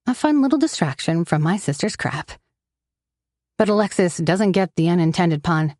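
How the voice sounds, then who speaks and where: A woman's voice: lowish voice, moderate pace, darkish tone, no room sound. Woman reading a romance story in a dry voice. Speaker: narrator. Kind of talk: first-person romance story narration.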